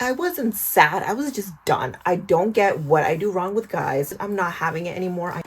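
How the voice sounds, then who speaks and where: A woman's voice: medium pitch, slightly rough. A young woman in her twenties chatting through a storytime vlog while doing her skincare. She tells the story animatedly, swears often and calls the viewer "girl". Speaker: vlogger.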